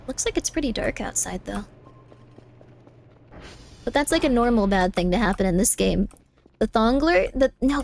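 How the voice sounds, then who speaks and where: A young woman streaming a game live, chatting fast and often repeating herself, with sudden exasperated outbursts. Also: a little high. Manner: chatty, repeats phrases, bursts of exasperated yelling.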